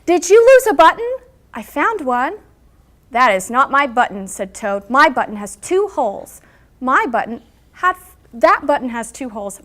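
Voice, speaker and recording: A woman teacher reading a picture book aloud to her class, acting out the characters' lines with animated emphasis and pausing to explain. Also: high voice. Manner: animated storyteller, acting out character lines with big loud pushes.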